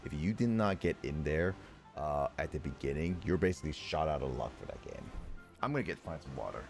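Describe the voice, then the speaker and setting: Chatty young male streamer, lively. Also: very deep voice, fairly quick, vocal fry, faint music behind. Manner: chatty, rambling, reads game text aloud. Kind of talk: casual let's-play commentary.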